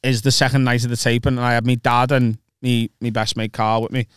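Smooth-voiced man telling a story. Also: mid-range voice, brisk, no room sound, studio quality. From England. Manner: animated, acts out voices in anecdotes, swears freely. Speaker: comedian podcast host. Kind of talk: casual storytelling chat.

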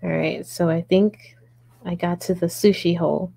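A woman's voice: lowish voice, level tone, moderate pace, gravelly, mellow, husky, low-quality recording. A woman hosting a live crochet tutorial, chatting casually with viewers, answering their comments and murmuring her stitch counts as she works. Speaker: crochet livestream host.

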